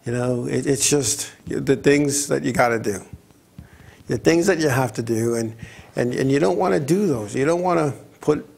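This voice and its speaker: Gravelly man telling racing stories. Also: medium pitch, moderate pace. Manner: rambling and animated, stumbles and repeats words, often acts out other people's lines. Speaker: racing talk show host. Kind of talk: casual talk-radio storytelling.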